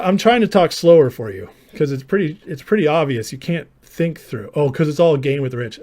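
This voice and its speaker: A man hosting a live stream, his voice sitting a little high for a man. He argues combatively with viewers in the chat, mocking them and turning sarcastic, sometimes aping their lines in a silly voice. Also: animated, a little fast, hardly any pauses, a little mellow. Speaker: live show host.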